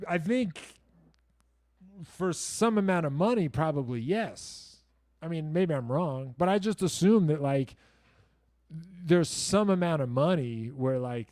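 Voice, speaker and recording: A man's voice: a little high, animated, takes it slowly, pauses often, darkish tone, no echo, studio quality. A man hosting a casual livestream Q&A, answering viewer questions in a rambling, self-deprecating way, full of likes and you-knows and blunt, profane asides.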